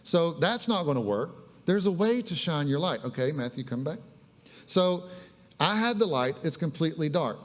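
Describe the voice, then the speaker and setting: Recorded in a church sanctuary with a hall's long reverb, this casual sermon features a male pastor whose voice is on the high side. He tells stories conversationally, tosses asides to the audience, and carries out a live demonstration.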